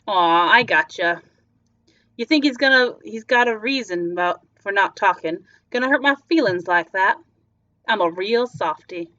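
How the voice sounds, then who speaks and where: A woman's voice: medium pitch, lively intonation, normal speed, bright, forceful tone, no room sound. A woman doing a sneering, menacing male stranger. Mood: needling. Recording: slightly dull lo-fi recording. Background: faint music.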